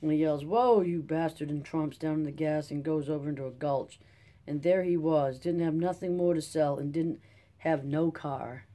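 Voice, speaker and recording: Audiobook: reader as folksy, rambling old farmer, mellow tone. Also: medium pitch, moderate pace, lightly acted. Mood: rueful. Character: weary old Dust Bowl farmer, talkative man. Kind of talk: audiobook character reading.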